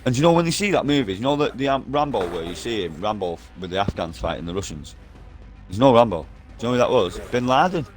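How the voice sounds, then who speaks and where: A man's voice: fairly low pitch, animated, fast talker, faint music behind. A man in an online game party chat, ranting nonstop in a profane, repetitive and insistent way over a headset. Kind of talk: rambling conspiracy rant.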